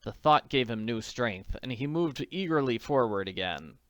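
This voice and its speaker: A man narrating an audiobook in a measured, steady reading voice. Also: medium pitch, smooth, no room sound, studio quality.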